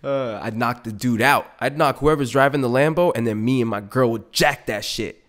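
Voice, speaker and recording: A man's voice: mid-range voice, moderate pace, fairly bright tone. A young man hosting a podcast, rambling through a profane, comedic monologue and slipping into voices for the people in his stories. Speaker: podcast host.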